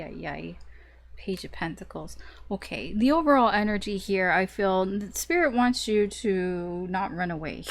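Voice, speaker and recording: A woman doing a casual tarot reading, chatty and animated, who laughs often and swears casually. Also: mid-range voice. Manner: animated storytelling. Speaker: tarot reader.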